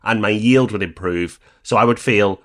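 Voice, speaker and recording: A man from northern England co-hosting a property podcast, calmly weighing up investment deals. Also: lowish voice. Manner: measured, weighing pros and cons aloud. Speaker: podcast co-host. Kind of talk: casual podcast discussion.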